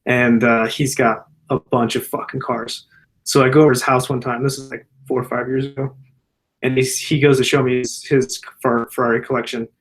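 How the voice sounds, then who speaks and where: A laid-back general surgeon hosts a casual Q&A, swearing freely and telling loose stories. He speaks at a moderate pace in a mid-range voice with little pitch movement.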